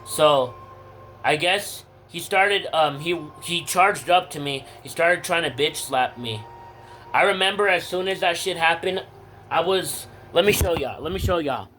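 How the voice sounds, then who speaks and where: A man's voice: fairly high pitch, measured pace, bright, forceful tone, slight background noise. A teenage boy telling a personal story to camera in a casual vlog, rambling with lots of fillers and blunt swearing. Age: teens. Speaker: vlogger.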